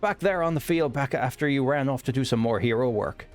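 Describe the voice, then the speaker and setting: A man reading aloud as a brash, hard-drinking female mercenary in a put-on accent, talking gruff and crude. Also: mid-range voice, brisk, faint music behind, close to an everyday voice. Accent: put-on unplaced accent.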